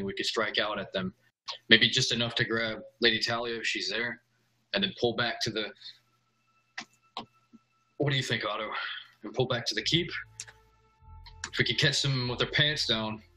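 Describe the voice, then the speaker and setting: A man plays a grim, decisive middle-aged lord who weighs his plans in a measured way. His voice is low with a very bright edge. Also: poor audio. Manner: measured, plotting.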